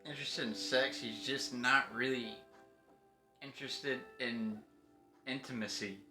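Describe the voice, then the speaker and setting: Man, gruff, swears a lot, bright voice, echoey room, quiet music. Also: mid-range voice, steady tone, unhurried. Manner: gruff, heavy cursing. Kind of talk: casual chat. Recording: roomy echo with faint music.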